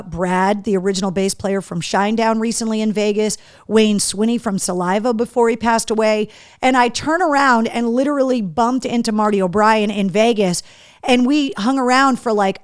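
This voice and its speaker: Her medium-pitched voice is recorded in the studio with no room sound. A radio and podcast host, she has the hiccups as she chats animatedly on a live show and reads out viewer comments.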